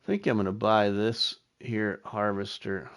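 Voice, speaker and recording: A middle-aged man hosting a live game stream, chatting casually with viewers in an easygoing way while he thinks out loud. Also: on the low side, flat delivery, measured pace. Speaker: live-stream gaming host.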